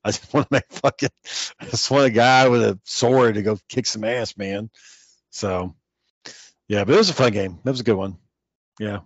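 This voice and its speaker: A man's voice: lowish voice, moderate pace, breathy edge, no echo, dull audio. A man in casual chat about games with a friend, laid-back and rambling, swearing freely. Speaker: gamer chatting with a friend.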